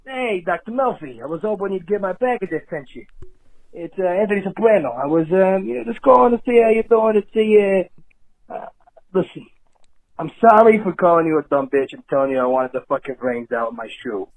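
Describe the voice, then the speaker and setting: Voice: mid-range voice, lively intonation, brisk, low-quality recording. A caller voicing a middle-aged male mob boss in a voicemail, hesitant and full of fillers. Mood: sheepish. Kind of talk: voicemail impression.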